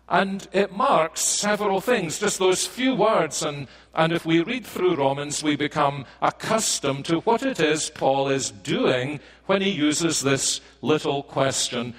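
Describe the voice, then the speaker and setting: Scottish preacher guy, slow deliberate sermon, lots of pauses, goes up when stressing a point. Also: a little high, animated, a bit bright, poor audio. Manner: measured, deliberate delivery with pauses.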